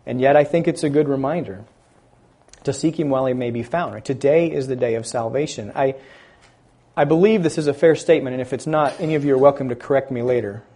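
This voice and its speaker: A man preaching a sermon, building loud on key words and dropping quiet at the ends of phrases, stressing scripture slowly. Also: medium pitch. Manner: slow, deliberate emphasis on scripture phrases.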